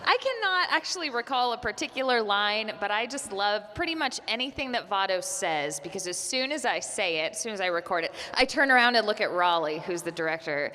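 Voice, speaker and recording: A woman's voice: mid-range voice, expressive, a little fast, few pauses, pushed and bright. A woman who voices cartoon characters, chatting and amusing herself on a convention panel. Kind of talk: casual panel chat. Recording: echoey hall, faint noise.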